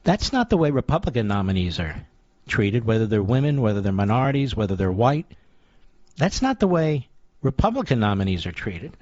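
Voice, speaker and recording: A man's voice: lowish voice, big pitch swings, brisk, darkish tone, no room sound, muffled recording. A male radio talk show host delivering a combative, sarcastic political monologue in short punchy phrases.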